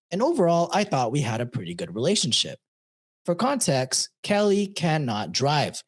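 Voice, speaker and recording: A man co-hosting a live podcast, chatting casually with lots of swearing and reading an online story aloud. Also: medium pitch. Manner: loose, swearing, reads in a chatty tone. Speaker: podcast co-host reading stories.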